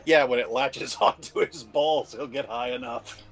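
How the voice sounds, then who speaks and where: A man's voice: mid-range voice, moderate pace, a bit bright, faint music behind. A man co-hosting a gaming video, teasing his friend and coaching him on doing voices in casual chat.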